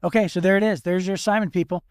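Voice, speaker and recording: A man's voice: sits high, fairly even intonation, racing, smooth, no room sound, clean studio sound. A man co-hosting a faith podcast as a pastor, speaking emphatically and repeating words for stress. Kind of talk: casual faith discussion.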